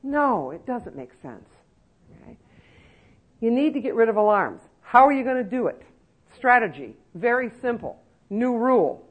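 A woman's voice: on the high side, very animated, moderate pace, breathy edge, low-quality recording. Emphatic woman lecturing nursing staff. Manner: emphatic, full of rhetorical questions. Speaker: elder-care trainer.

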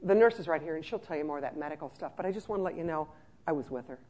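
A speaker voicing a care aide who calmly reassures a family member on the phone, softly and gently. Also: mid-range voice, racing, voice pushed down, close to an everyday voice. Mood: reassuring. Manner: soft, hushed and reassuring. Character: soothing caregiver aide on a phone call.

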